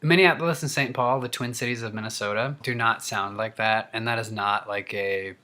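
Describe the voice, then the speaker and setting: A man, an actor and vlogger, telling a funny story as a rant, animated and getting worked up. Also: lowish voice, fairly quick. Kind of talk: humorous rant.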